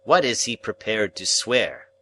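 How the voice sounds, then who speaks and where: A man's voice: fairly low pitch, sing-song, measured pace, a little hiss or hum, heavily acted. A man voicing a bullying, irate older lawyer. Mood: curt. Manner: harsh, forceful commands. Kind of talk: audiobook character reading.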